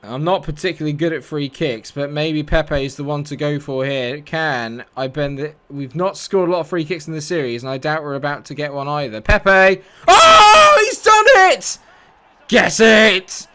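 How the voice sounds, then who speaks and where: A man narrates his football video game as he plays, his voice sitting a little higher than most. He erupts into loud, thrilled shouts at the big moments and sinks into quiet, grumbling asides between them. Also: fairly quick, hardly any pauses, slight background noise. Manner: swings between excited shouting and muttered low asides. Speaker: gaming YouTuber. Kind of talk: live game commentary.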